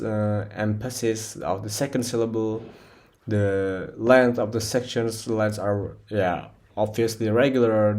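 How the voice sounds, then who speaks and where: A man, a non-native English speaker, presenting a poem analysis for class, halting often with fillers and restarts. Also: lowish voice, a little mellow. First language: Indonesian. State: short of breath.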